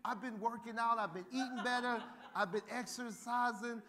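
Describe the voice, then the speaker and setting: A man's voice: very high voice, normal speed, a crowd in the background. A male pastor preaching a sermon, telling funny stories and acting out the voices of people in them. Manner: animated, humorous, acts out quoted voices. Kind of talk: sermon with storytelling.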